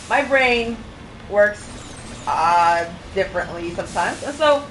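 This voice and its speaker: A woman's voice: medium pitch, a bit bright, a little hiss or hum, poor audio. A woman streamer talking in a rambling, chatty way while she plays, swearing casually now and then. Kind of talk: casual gameplay chat.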